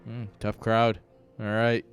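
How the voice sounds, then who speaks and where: A man's voice: on the low side, completely flat delivery, slow pace, clean tone, soft background music. A man casting a game stream, chatting casually and teasing with lots of laughs. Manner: joking, teasing, laughs often. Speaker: esports caster.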